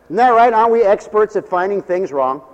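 A man's voice: high-pitched, expressive, fairly quick, lo-fi sound. A middle-aged or older man preaching a folksy, joking sermon that rises into fervent hallelujahs. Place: church mission hall. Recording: echoey hall.

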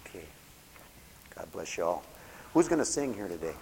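A man's voice: deep voice, very animated, moderate pace, vocal fry, heavy background noise. A man preaching a folksy sermon as pastor, calling listeners honey and sweetheart.

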